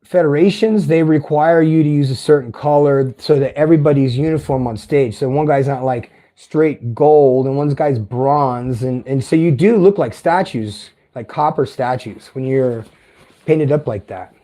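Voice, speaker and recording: A man in his fifties with a light tenor voice that is not deep, talking in a meandering, chatty vlog monologue that is peppered with profanity and self-corrections. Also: moderate pace, mellow. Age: 50s. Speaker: vlogger. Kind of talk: casual rambling monologue.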